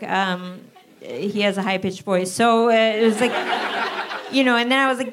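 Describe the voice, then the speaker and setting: A woman's voice: fairly high pitch, fairly even intonation, moderate pace, a little hiss or hum. A woman comedian on stage, telling a wry, self-deprecating story and acting out the voices of the people in it. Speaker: guest comedian. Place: theatre stage before an audience.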